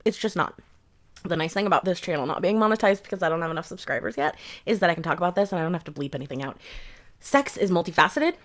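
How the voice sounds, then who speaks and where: A woman's voice: on the low side, lively intonation, fast. A woman giving a casual rant-style book review, blunt, profane and sarcastic.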